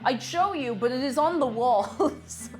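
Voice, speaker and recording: A woman's voice: sits high, expressive, measured pace. An Irish woman streaming live as she bakes in her home kitchen, chatting casually, repeating herself and greeting viewers by name. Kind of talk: casual live-stream chat while baking. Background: faint music played from her phone.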